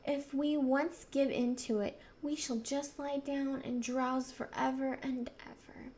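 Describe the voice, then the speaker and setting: A woman's voice: high-pitched, flat delivery, measured pace, a little mellow, a little hiss or hum. A woman voicing a dreamy, sensible young girl in a storybook reading.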